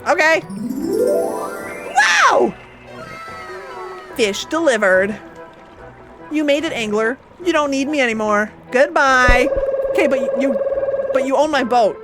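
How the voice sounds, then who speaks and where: A woman streamer giving excitable, squealing gaming commentary as she plays. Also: high-pitched, moderate pace, over music.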